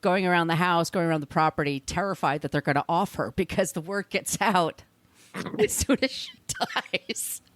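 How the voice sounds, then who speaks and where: A woman's voice: on the low side, expressive, normal speed, dry recording. A woman hosting a podcast, telling a history story in a rambling, conversational way, with restarts and the odd swear. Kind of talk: casual storytelling chat.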